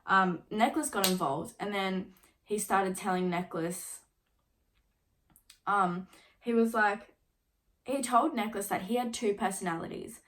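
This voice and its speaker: A young woman in her late teens telling a story on her own vlog, casual and chatty, filling every pause with "like" and swearing now and then. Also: mid-range voice, a bit bright, slight background noise. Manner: chatty, filler-heavy with constant "like"; swears casually while retelling. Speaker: vlogger.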